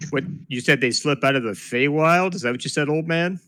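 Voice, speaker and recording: A man's voice: fairly high pitch, a little fast, a bit bright, no echo. A man playing a tabletop game, asking questions with wry, teasing asides. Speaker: player. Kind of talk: tabletop role-play chat.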